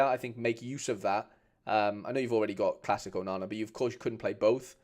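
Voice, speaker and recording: A man's voice: mid-range voice, a little mellow. Male streamer, casual and informal, lots of restarts, mid-range voice. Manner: chatty, informal, reads viewer comments aloud, frequent restarts. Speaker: streamer reviewing fan card collections. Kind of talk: casual live stream chat.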